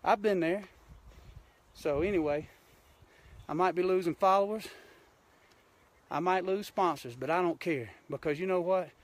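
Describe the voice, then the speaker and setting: A man's voice: high voice, normal speed. Fired-up Georgia man ranting outdoors. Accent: Southern US, Georgia. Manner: fired-up, blunt, folksy. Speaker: hunting show host. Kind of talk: impassioned live-stream rant. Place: outdoors on a mountain.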